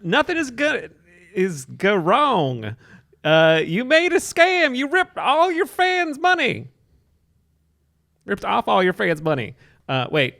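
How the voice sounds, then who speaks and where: A man's voice: sits high, huge pitch swings, takes it slowly, vocal fry, pushed and bright, no room sound, clean studio sound, exaggerated voice. A man voicing a drunk, scatterbrained young woman influencer in a comedy script read, stumbling over words and laughing through lines. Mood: giddy drunk.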